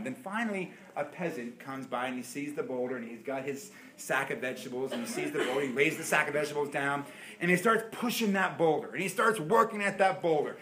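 A man in his forties preaching a sermon, telling stories with animated voices and quick asides. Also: on the high side. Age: 40s. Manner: animated storytelling, acting out voices. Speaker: pastor.

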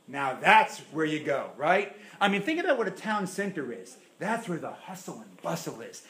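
High-voiced preaching man, echoey room. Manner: animated preaching, swings from loud to hushed. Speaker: pastor. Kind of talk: sermon.

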